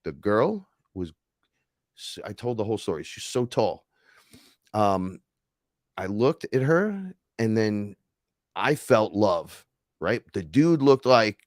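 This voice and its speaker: Excitable, swearing man with a lowish voice. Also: unhurried, dry recording, clean studio sound. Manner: profane, excitable, swings between loud and hushed. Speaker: podcast host recounting an experience. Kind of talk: casual storytelling.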